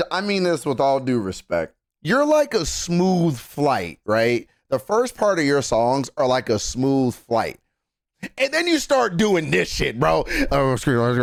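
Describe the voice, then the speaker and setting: A man's voice: on the high side, dry recording, clean studio sound. A man from Texas hosting a reaction video, talking casually and emphatically, with profanity and repeated phrases.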